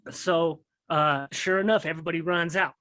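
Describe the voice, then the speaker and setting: With a slightly high, steady voice that's bright and forceful, this guest talks at a moderate pace with no echo around him. He rambles about prison life in street slang, frequently checking in with "you know what I mean."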